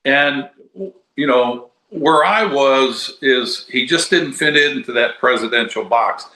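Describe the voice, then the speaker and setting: A man's voice: mid-range voice, slow, bright, forceful tone. An older man and podcast co-host talking politics in a rambling, casual way with plenty of fillers. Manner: rambling, conversational, many fillers. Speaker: podcast co-host, former congressman. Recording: roomy echo.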